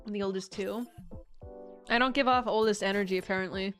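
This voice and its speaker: A woman's voice: medium pitch, steady tone, brisk, a bit bright, faint music behind. A woman streaming casual chat, rambling with frequent restarts, swearing casually and laughing often.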